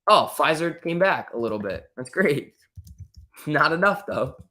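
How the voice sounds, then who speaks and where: A man with a higher, lively voice talks a little slowly, his delivery pushed and bright. He's hosting a casual live stream, reading viewer comments aloud and answering them with jokes and light teasing.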